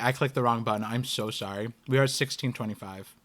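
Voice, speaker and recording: A man hosting a live anime watch-party stream, reacting excitedly and chatting in a rambling way with his viewers. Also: mid-range voice, fast talker. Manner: excitable, rambling, talks to chat.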